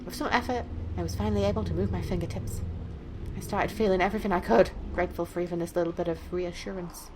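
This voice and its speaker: A woman's voice: lowish voice, steady tone, fast, background noise, lightly acted. A woman reading a frightened teenage girl's first-person narration from a horror game, anxious and breathless. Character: frightened teenage girl, captive.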